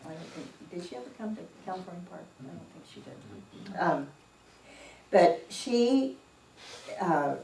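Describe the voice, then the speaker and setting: Woman church speaker, low-pitched and very slow; distant mic in an echoey hall with faint background noise. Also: warm tone. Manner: unhurried, anecdotal, often chuckling. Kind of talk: informal sermon. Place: church sanctuary.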